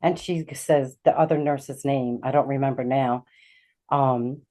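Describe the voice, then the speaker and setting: A middle-aged woman, a guest and intuitive healer, recounting a personal experience in a halting way, with many fillers and restarts. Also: extremely low pitch, fairly even intonation, mellow. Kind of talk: personal storytelling.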